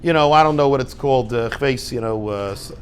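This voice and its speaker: A man giving an informal Torah talk to a group, lively and conversational, acting out little dialogues and dropping Hebrew and Yiddish words. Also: mid-range voice, fairly quick, smooth. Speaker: rabbi teaching a class.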